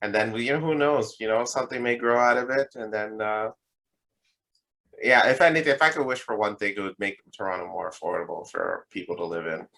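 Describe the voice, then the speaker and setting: A man's voice: lowish voice, fairly quick, gravelly, poor audio. A young man co-hosting a podcast, telling a long comic story in casual chat, rambling and swearing often. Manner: profane, rambling, animated storytelling. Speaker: podcast co-host.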